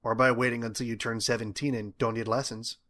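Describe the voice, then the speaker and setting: A level-headed teenage boy who pokes holes in his friend's theories, as a man reads him in an audiobook. He speaks in a dry, reasoning way. The voice is bright. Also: mid-range voice, flat delivery, a little fast, lightly acted.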